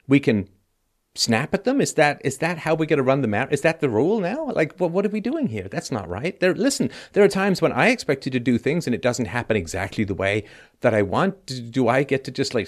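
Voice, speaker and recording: A man hosting a call-in advice show who talks animatedly and acts out both sides of an argument. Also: medium pitch. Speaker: host.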